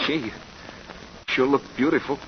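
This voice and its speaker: An actor playing a gentle, lovesick young male boxer who speaks softly and haltingly, in 1940s radio acting. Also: mid-range voice, noisy background, close to an everyday voice. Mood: shy. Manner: soft, halting, plain slangy speech. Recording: dull 1940s radio recording with music.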